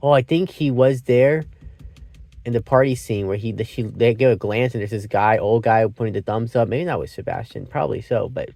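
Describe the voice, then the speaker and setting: A man's voice: mid-range voice, fairly quick, creaky, dark tone, dry recording. Rambling man reviewing a film. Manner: meandering, self-interrupting, swears freely. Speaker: movie reviewer.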